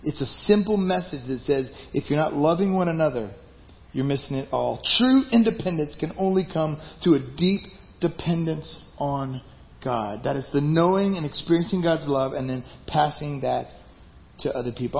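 A man preaching a sermon to his congregation, talking conversationally, with some passages loud and emphatic and others dropped to a hushed aside. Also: a little high, creaky. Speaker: pastor. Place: church sanctuary. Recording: roomy, slightly dull live church recording with faint ambience.

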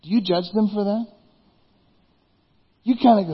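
A man preaching a sermon as pastor, animated, firing rhetorical questions and then dropping suddenly quiet. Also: sits high, moderate pace, slightly rough. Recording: dull reverberant hall recording.

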